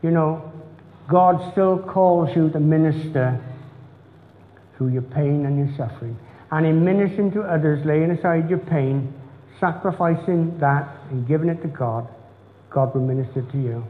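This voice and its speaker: A middle-aged pastor preaching a sermon in an earnest, repetitive, preacherly cadence. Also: male voice, a little high, moderate pace. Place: church. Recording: tinny phone-like sound in echoey church hall.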